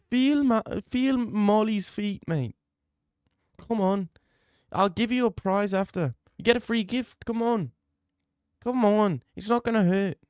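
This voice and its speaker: A man's voice: high-pitched, a little mellow, clean tone, no echo, clean studio sound, pitched above the performer's own voice. A man voicing a pushy male booth hawker who coaxes and wheedles someone into coming in. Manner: wheedling, coaxing, teasing.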